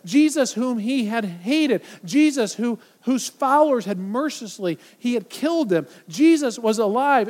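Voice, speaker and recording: A man preaching a sermon, emphatic and repetitive, now and then acting out voices from soft to loud. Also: very high-pitched. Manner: emphatic, repeats phrases for weight; acts out quoted voices, from loud to near silent. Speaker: pastor.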